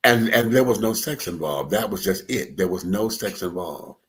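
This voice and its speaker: A man in his forties on a radio talk show, telling a personal story in a lively, profane, animated way. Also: deep voice, moderate pace, husky. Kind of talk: casual storytelling chat.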